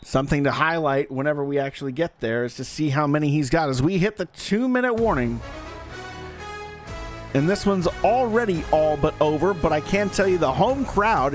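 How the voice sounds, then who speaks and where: A man with a slightly high voice calls live play-by-play for a simulated football game, folksy and joking as he speaks straight to the audience.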